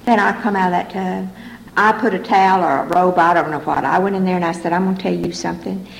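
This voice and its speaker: A woman's voice: fairly low pitch, steady tone, fast, vocal fry, roomy sound, a little hiss or hum, rough recording. An older woman sharing her personal story at a recovery meeting, frank and folksy, with a wry sense of humor. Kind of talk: personal testimony to a meeting audience.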